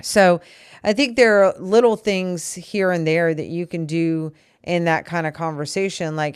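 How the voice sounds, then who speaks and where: In a candid couple conversation on their podcast, a woman talks earnestly and at length with her partner about a disagreement, frequently restarting. Her voice is fairly low, steady, clear and resonant, at a measured pace. It's an echo-free studio recording.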